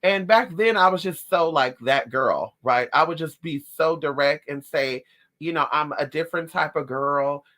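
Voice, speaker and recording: A spiritualist vlogger tells a personal story to camera, sassy and dramatic, calling her listeners honey and girl. Her voice sits low with a fairly bright tone, at a moderate pace.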